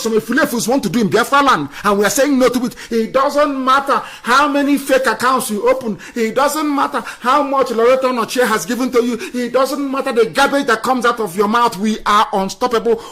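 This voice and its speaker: A man delivering an impassioned political radio address, scornful and fiery, swinging between loud outbursts and quiet asides. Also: very high-pitched, brisk, few pauses. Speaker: radio broadcaster.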